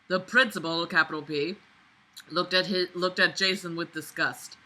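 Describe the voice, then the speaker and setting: Drunk young woman, bright swearing reader. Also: on the low side, slow pace, long pauses, poor audio. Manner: swearing, mocking, exasperated outbursts. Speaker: channel host reading a story aloud. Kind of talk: drunken comedic reading with commentary.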